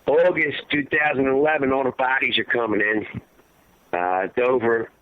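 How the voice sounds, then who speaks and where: A man, a grieving father, telling his story in an impassioned, rambling way, his voice sinking low and heavy at the hardest parts. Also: steady tone, normal speed. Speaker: guest, father of a fallen soldier. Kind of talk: emotional storytelling interview. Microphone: phone call. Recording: tinny phone line, dry.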